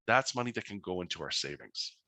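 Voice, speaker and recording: A man's voice: low voice, brisk, dry recording. A man, a financial educator telling anecdotes in an online webinar presentation. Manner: animated anecdotal storytelling.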